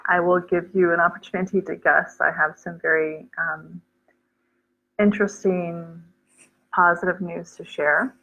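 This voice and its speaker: A woman's voice: on the low side, fairly even intonation, measured pace, pushed and bright, muffled recording. Chatty American woman on a livestream. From United States. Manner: chatty, reads comments aloud, mixes in Urdu words. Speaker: livestream host answering viewer comments. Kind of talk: casual livestream chat.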